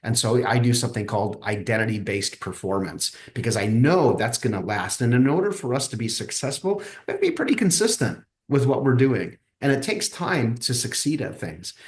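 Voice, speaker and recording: A man, a coach and guest on a podcast, talking casually and telling stories with lively acted-out dialogue. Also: mid-range voice, roomy sound. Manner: animated storyteller who acts out quoted dialogue. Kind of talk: casual podcast interview storytelling.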